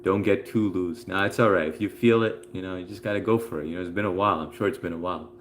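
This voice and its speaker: A man's voice: low-pitched, fairly even intonation, quick pace, slight background noise. A man hosting a casual live stream from home, reading out viewer comments in a laid-back, chatty way with plenty of fillers.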